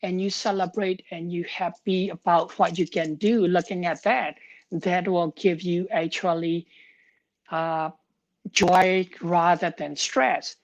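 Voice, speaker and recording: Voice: medium pitch, fairly even intonation, slow pace. A woman pharmacist talking on a live stream, telling a story in an earnest, heartfelt way and sounding tired.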